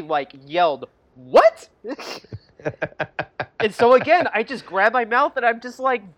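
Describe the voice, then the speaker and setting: Casting: chatty, giggly film podcaster who acts out scenes, mid-pitched voice. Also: a bit bright. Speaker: movie review podcast co-host. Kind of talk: casual chat.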